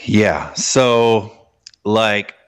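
A man's voice: fairly low pitch, very slow, clear, resonant tone. A man, a former pro hockey player, telling stories as a guest in a casual interview, rambling with many restarts.

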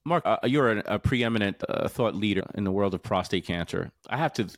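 Brief: fifties New York male host, low-pitched, dry close sound, casual. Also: animated, no echo. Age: 50s. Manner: casual and curious, quick follow-up questions. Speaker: podcast host. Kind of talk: interview conversation.

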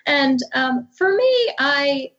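A woman with a fairly high voice speaks on a leadership panel. She sounds upbeat and optimistic, pausing on fillers as she thinks. The recording is dull and lo-fi. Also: big pitch swings, fairly bright tone. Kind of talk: conversational panel discussion. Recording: dull lo-fi audio.

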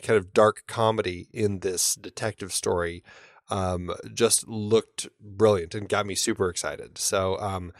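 A man's voice: on the low side, steady tone, unhurried, no room sound, clean studio sound. A man co-hosting a podcast, chatting casually and enthusiastically with plenty of fillers and restarts. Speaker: podcast co-host. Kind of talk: casual chat.

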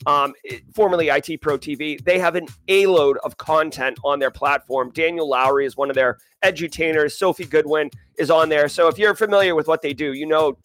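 A man's voice: fairly high pitch, fairly quick, few pauses, faint music behind. Hyped man hosting a livestream. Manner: hyped, shouting out viewers and places, sing-song calls. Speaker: host of a daily cybersecurity news livestream. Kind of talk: energetic livestream chat with viewers.

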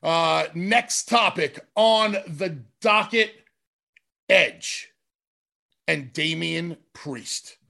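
A man's voice: a little high, very slow, creaky, bright, forceful tone. A man hosting a talk show, emphatic and talking over others. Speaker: host.

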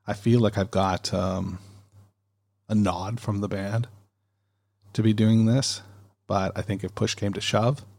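A man's voice: fairly low pitch, fairly even intonation, measured pace, gravelly, long pauses, darkish tone. A man hosting a podcast, rambling and chatty in a casual monologue, recorded on a studio dynamic mic. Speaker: podcast host.

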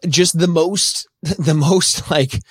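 A man co-hosting a casual podcast chat, animated and laughing, stretching words for emphasis. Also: fairly high pitch, slow, breathy edge, no room sound, clean studio sound. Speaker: podcast co-host. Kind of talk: casual chat reacting to a show.

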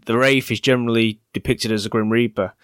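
A man's voice: medium pitch, fairly even intonation, fairly quick, fairly bright tone, no echo, studio quality. A man with a Northern English accent co-hosting a podcast in casual, rambling chat. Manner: rambling, chatty, with fillers and restarts. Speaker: podcast co-host.

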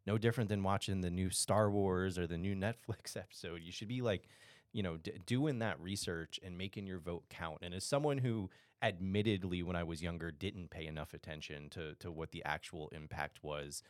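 A man in casual podcast chat, thinking aloud in a relaxed way with fillers. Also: sits low, normal speed, no echo, clean studio sound.

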